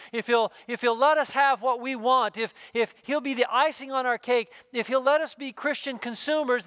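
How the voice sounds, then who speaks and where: A man preaching with an earnest, storytelling delivery, sinking into a hush for tender moments. His voice sits very high for a man and sounds smooth and resonant. The sound is close and dry, with no room around it. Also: no room sound. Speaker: pastor. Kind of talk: sermon.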